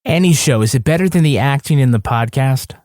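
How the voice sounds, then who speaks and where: A man co-hosts a podcast, chatting casually and making wry jokes. His medium-pitched voice is a little mellow, with lively intonation and a fairly quick pace. The sound is clean studio audio with no room sound.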